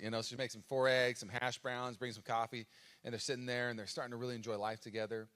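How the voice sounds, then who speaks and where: A man preaches from the stage at a live church service, telling a story in a relaxed, chatty way. His voice sits at an ordinary middle pitch, and his talk is loose and full of everyday fillers. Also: quick pace. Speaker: pastor. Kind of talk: sermon.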